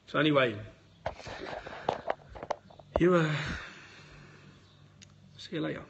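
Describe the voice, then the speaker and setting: A man's voice: a little high, slow pace, vocal fry, dull audio, noisy background. A man giving a blunt, indignant statement straight to camera, hammering his points home.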